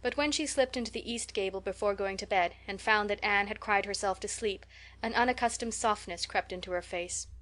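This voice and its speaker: Brief: female audiobook narrator, clear and measured. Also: mid-range voice, fairly bright tone. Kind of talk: scripted narration.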